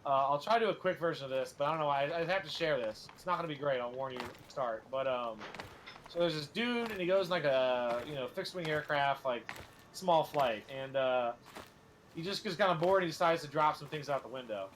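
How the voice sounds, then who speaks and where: A man's voice: on the high side, lively intonation, brisk, a bit bright, a little hiss or hum. A young man hosting a gameplay stream, chatting casually and rambling through jokes with lots of fillers. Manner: rambling joke-telling with many fillers. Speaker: gaming streamer host. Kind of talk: casual chat while playing.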